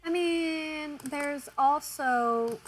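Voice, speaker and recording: A woman's voice: high-pitched, drawn-out words, soft background music, poor audio. A young woman streamer chatting casually with viewers, self-deprecating and laughing often. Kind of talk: casual chat with viewers while drawing.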